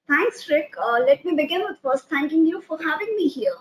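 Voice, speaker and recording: A woman with a high voice speaks as a guest on a business webinar. She talks haltingly, with frequent fillers and repeated words as she gathers her thoughts. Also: animated, slight background noise, rough recording. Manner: hesitant, many filler "uh"s and restarts. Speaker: company founder and CEO, guest. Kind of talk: webinar panel talk.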